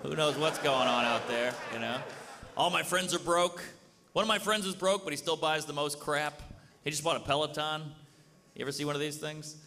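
A man's voice: steady tone, moderate pace. A man with an American accent doing a wry stand-up set with crowd work on a comedy club stage. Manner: wry, shifts between bright and low asides. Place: comedy club stage before a live audience. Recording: live hall with audience and background noise.

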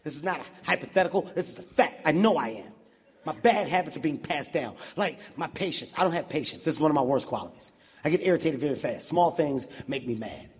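A man doing a stand-up routine, telling stories in a brash, profane, animated way with shouted outbursts. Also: fairly high pitch, fast, husky, in a large hall. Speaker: stand-up comedian. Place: large venue with audience.

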